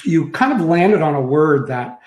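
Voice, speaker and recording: A man's voice: fairly high pitch, sing-song, normal speed, darkish tone. A middle-aged man co-hosting a casual web chat, talking in an easygoing, reflective way and often restarting his sentences. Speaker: co-host, sidekick to the main host. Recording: echoey room.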